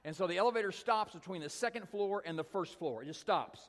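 A man preaching as a storytelling speaker, animated and acting out the dialogue, with frequent restarts. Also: high-pitched, fast talker, long reverb tail. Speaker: guest teacher at a youth event. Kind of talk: storytelling sermon.

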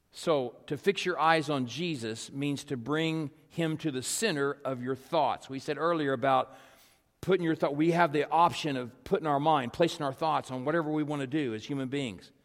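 A man preaching a sermon in a conversational way, with rhetorical questions, repeated calls and asides. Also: on the high side. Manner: drops to a soft, slow, hushed delivery. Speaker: pastor. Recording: long hall reverb.

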